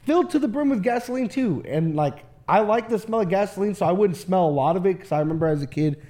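Man, 20s, high pitch, casual slangy storytelling, swears a lot. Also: lively intonation, quick pace, mellow. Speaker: podcast co-host.

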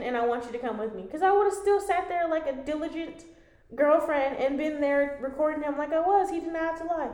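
A woman's voice: high-pitched, brisk, a little mellow. A young woman co-hosting a podcast, casually telling a story and swearing freely. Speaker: podcast co-host. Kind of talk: casual chat. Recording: echoey room.

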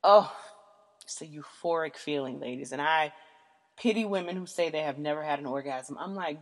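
A woman's voice: low voice, moderate pace. A woman hosting a casual podcast episode, talking frankly and rambling, with lots of fillers and profanity. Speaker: podcast host. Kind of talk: casual candid monologue. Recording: long hall reverb.

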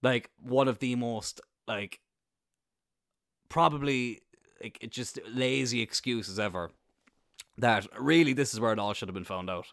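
A young man with an Irish accent telling a rambling story in a casual monologue, swearing freely and bursting into excited laughter. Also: medium pitch, unhurried, creaky, long pauses, dry recording, clean studio sound. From Ireland. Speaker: podcast host.

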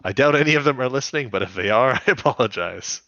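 A man's voice: medium pitch, animated, quick pace, sharp tone, no room sound, lo-fi sound. A man co-hosting a podcast in casual chat, rambling and giggly. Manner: rambling, giggly, puts on jokey quotes. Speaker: podcast co-host.

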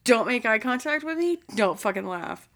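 A woman's voice: fairly high pitch, expressive, normal speed, very noisy. A young woman co-hosting a casual podcast, swearing a lot and breaking into laughter while reading a true-crime story. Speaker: podcast co-host.

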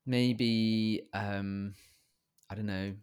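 A man's voice: fairly low pitch, steady tone, drawn-out words, darkish tone, clean tone. A man in casual, rambling chat, joking and laughing often. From Britain.

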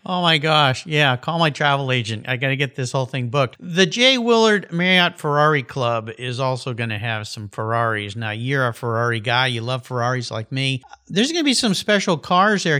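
A man hosts a radio talk show in a bright, forceful voice. He sounds eager and turns often to address his listeners directly. His pitch sits in the middle range for a man. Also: expressive, brisk, hardly any pauses. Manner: enthusiastic, talks to listeners directly. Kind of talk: radio interview hosting.

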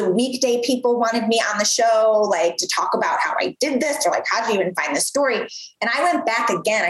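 A woman in her thirties telling a story from her career in a casual, animated way, full of fillers and acted-out quotes. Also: mid-range voice. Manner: animated, lots of "like", acts out quoted voices. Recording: roomy echo.

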